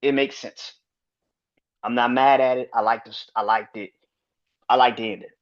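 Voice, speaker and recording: A man's voice: medium pitch, fairly even intonation, normal speed. A man hosting a podcast, ranting bluntly and profanely about wrestling in casual, opinionated commentary. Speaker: podcast host. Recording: slightly dull lo-fi audio.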